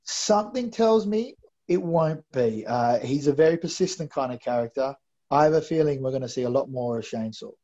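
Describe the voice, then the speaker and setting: A man's voice: mid-range voice, animated, normal speed, mellow. A man co-hosting a recap show, musing chattily with stammered restarts. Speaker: co-host of a wrestling recap show. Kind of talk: casual chat. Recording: slightly dull, lo-fi sound.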